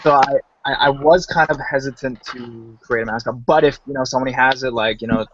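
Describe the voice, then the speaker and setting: A man's voice: medium pitch, fast, lo-fi sound, crowd noise. A man hosting a casual livestream chat, rambling and laughing with his guests over a home computer mic. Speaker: podcast host.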